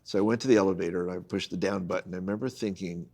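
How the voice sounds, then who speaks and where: Racing along in a deep, creaky voice, an older guest photojournalist relates a lengthy personal anecdote in casual conversation, performing the people in it with animation.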